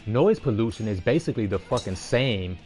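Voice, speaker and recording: A man's voice: fairly low pitch, expressive, fairly quick, a little mellow, faint music behind. Rambling, foul-mouthed male streamer. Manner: rambling, heavily profane, frustrated outbursts. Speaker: game streamer. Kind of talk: casual chat while playing.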